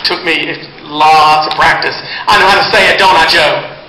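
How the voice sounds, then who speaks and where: Speaking into the stage mic, this male performer banters with the crowd between numbers, his fairly high voice keeping a moderate pace and an even intonation. The concert hall echoes and the audience is loud, though the background noise itself comes through as slight.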